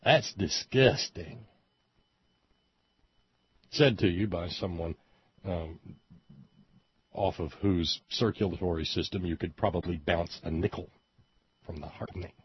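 Sardonic male commentator from West Virginia, low and husky, meandering delivery; dry, muffled lo-fi recording. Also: steady tone, moderate pace, long pauses, dry recording. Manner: sardonic, meandering, with frequent hesitations. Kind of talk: rambling commentary monologue. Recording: dull lo-fi audio, dry.

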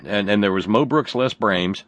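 Radio host guy, lowish voice, stumbles and repeats himself, dry close sound. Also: dry recording. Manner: halting, repeats words, wry. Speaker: radio talk show host. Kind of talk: casual call-in chat.

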